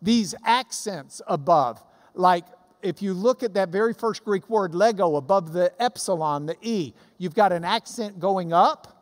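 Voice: medium pitch, unhurried. A Bible teacher giving an emphatic, explanatory sermon in a church hall.

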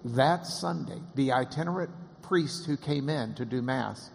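An interviewer and storyteller with a drawl shares casual anecdotes animatedly, laughing often and slipping into the voices of those he quotes. His average-pitched voice has vocal fry and a measured pace, set in long hall reverb with a little hiss or hum.

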